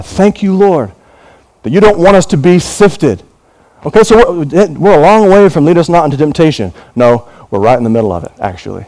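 A middle-aged male pastor preaching in a church, his voice sitting a little high for a man. He swings his pitch widely as he acts out scenes and quoted voices. It is a lively, expressive sermon delivery. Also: rough recording. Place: church in Hong Kong.

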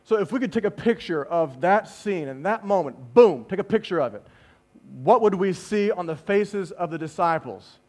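Brief: male preacher, high voice, lively sermon delivery with hushed asides. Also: moderate pace. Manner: animated, dropping to hushed tones for emphasis; speaks to the congregation directly with rhetorical questions.

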